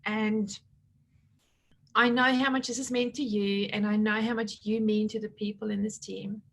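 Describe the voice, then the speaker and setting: A woman's voice: mid-range voice, level tone, normal speed, vocal fry, slight background noise. A middle-aged woman leading her team, chatting casually as she hands out awards and retells conversations. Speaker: team leader presenting awards.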